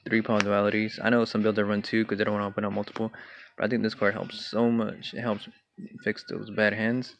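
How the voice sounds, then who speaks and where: A young man casually walking through his card game deck, talking in a relaxed way with many fillers and throat clears. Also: fairly low pitch. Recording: dull lo-fi home recording with faint hiss.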